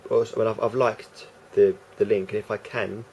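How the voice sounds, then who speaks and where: A man's voice: on the low side, flat delivery, fairly quick, darkish tone, lo-fi sound, a little hiss or hum. A man rambling through a casual vlog monologue, hesitant and full of restarts and fillers. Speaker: vlogger.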